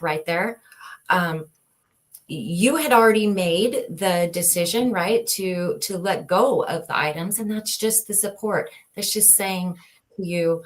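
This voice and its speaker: A woman co-hosting a casual spiritual live stream, talking reflectively and greeting viewers by name. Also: fairly low pitch.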